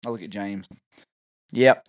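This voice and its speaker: A man tells stories in a loose, rambling way and slips into the voices of the people in them. His pitch sits mid-range for a man. The recording is dry and close, with no room sound. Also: brisk, no room sound. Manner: rambling, laughing often, acts out quotes. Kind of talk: casual storytelling chat.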